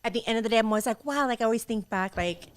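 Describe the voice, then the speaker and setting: A woman in her thirties hosting a podcast, telling animated stories and acting out quotes with frequent laughter. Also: fairly high pitch, racing, clear, resonant tone. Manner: animated storyteller, acts out quotes, laughs often. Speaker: podcast host. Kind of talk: casual chat.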